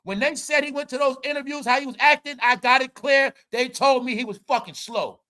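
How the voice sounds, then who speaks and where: A man hosting a celebrity gossip show, ranting with profanity and mockery, swinging between loud outbursts and low mutters. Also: fairly even intonation, a little fast. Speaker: commentary show host.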